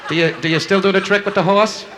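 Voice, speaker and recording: A man's voice: high-pitched, fairly even intonation, fast talker. A man doing live insult comedy, brashly heckling people in the audience. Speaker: stand-up comedian. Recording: noisy 1960s live club recording. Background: audience laughter.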